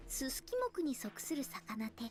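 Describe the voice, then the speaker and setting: A woman's voice: high-pitched, fairly quick, a little mellow, whispered, natural voice. A woman voicing a polite young maid girl in a visual novel game, asking quiz questions in an earnest, courteous way. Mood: quizzing. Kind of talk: anime game voice acting.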